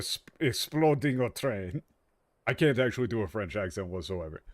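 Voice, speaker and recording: A tired young man giving animated, joking let's-play commentary as a streamer, swearing freely. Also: mid-range voice, no room sound, studio quality. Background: faint game music.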